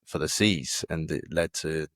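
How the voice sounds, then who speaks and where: A man's voice: extremely low pitch, measured pace, fairly bright tone, no room sound, clean studio sound. A man rambling through a theory in casual chat, full of fillers and restarts. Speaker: podcast co-host.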